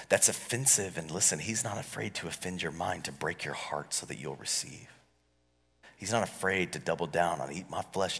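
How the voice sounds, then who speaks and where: Husky-voiced man preaching in a reverberant hall. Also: on the low side. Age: 40s. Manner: animated preaching, swings from loud to hushed. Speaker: pastor. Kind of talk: sermon.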